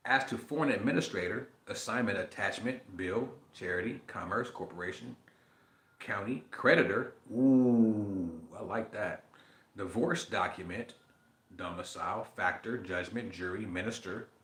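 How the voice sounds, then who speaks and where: A man's voice: on the low side, a little slow. Profane, riffing man in an echoey room. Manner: profane, animated, riffing between read passages. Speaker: podcast host. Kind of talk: casual monologue reading aloud.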